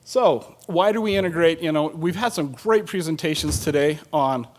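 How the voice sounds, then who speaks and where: A middle-aged man gives a conference panel talk in a relaxed, joking way, with plenty of ums and uhs. His voice sits a little high for a man. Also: moderate pace. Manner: casual and joking, with many fillers. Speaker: state water agency planner presenting at a conference.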